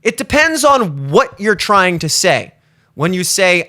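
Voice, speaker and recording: Bright-voiced man ranting casually. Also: high voice, slow pace. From Baltimore area, USA. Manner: animated, profane, rambling. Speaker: show host. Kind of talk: casual comedic rant.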